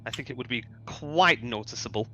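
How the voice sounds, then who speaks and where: A man with a mid-range voice, slightly fast, pushed, and bright, narrates his character's actions in a tabletop game. His loose style is full of "kinda" and "like," and the recording sounds dull with faint music behind him.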